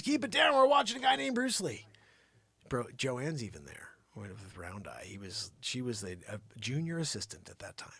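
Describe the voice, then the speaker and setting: A man's voice: medium pitch, no echo. A man hosting a live show, rambling through an improvised comedy monologue and dropping into whispered asides. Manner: rambling, animated, riffing on a running bit; drops to breathy whispers between asides. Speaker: host.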